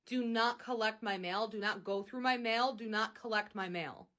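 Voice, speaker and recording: A woman's voice: on the high side, normal speed, a crowd in the background. A woman in her thirties in a heated phone argument, angry and insistent, repeating her demands. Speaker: mother arguing on a phone call.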